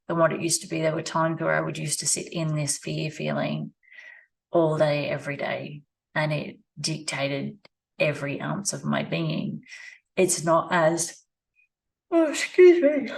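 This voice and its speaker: A woman, talking slowly and reflectively in a personal vlog, repeating her phrases as she thinks aloud at her rural home. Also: sits low, gravelly. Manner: slow, musing, repeats phrases. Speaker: vlogger. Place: rural home with animals nearby.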